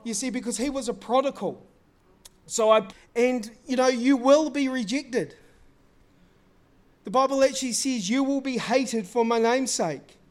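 A male preacher with a notably high voice. He preaches casually, tells stories and acts out the lines people said, with plenty of slang thrown in. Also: a little slow. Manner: lively storytelling, acting out quoted dialogue; casual, slangy talk to the congregation. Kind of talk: sermon.

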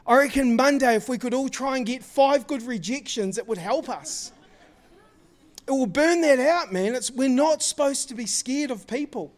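A male preacher with a notably high voice. He preaches casually, tells stories and acts out the lines people said, with plenty of slang thrown in. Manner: lively storytelling, acting out quoted dialogue; casual, slangy talk to the congregation. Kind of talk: sermon.

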